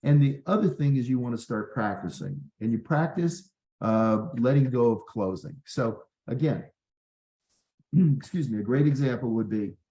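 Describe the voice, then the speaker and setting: A man's voice: medium pitch, lively intonation, normal speed, warm tone, echoey room, rough recording. A man, a physician, hosting a workshop in an earnest, conversational way with many fillers. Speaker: physician and leadership workshop host. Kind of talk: workshop talk.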